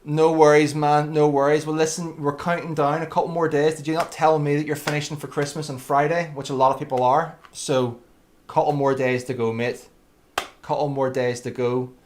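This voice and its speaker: A man's voice: a little high, level tone, fairly quick, slight background noise. A man commentating his own racing game live and chatting to viewers by name. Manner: chatty, addresses viewers by name, friendly banter. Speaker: livestreamer.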